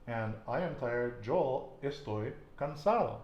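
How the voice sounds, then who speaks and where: A man's voice: mid-range voice, lively intonation, unhurried, a little mellow, highs cut off, slight background noise. Patient man teaching Spanish in echoey room. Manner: patient, quizzing with questions. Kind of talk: casual language lesson.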